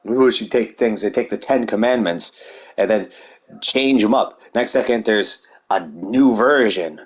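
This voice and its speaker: A man's voice: lowish voice, measured pace, breathy edge. A man delivering a rambling, heated monologue full of swearing. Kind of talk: ranting monologue.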